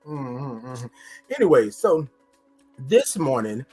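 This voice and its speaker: A man's voice: mid-range voice, very animated, takes it slowly, a little mellow, breathy edge, faint music behind. A man hosting a casual morning livestream, upbeat, greeting viewers in the chat by name. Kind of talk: casual live-stream talk to viewers.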